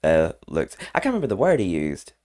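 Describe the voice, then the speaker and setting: Guy w a really deep voice rambling casually, laughs a lot. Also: huge pitch swings, brisk, darkish tone. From Scotland. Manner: rambling, chatty, laughs often between remarks. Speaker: vlogger. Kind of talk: casual chat.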